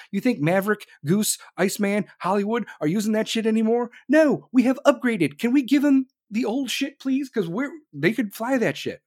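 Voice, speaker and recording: A profane political rant comes from a man from the United States whose voice sits fairly high. Loud, blunt and combative from start to finish, he curses almost constantly and keeps throwing in mocking, sarcastic remarks.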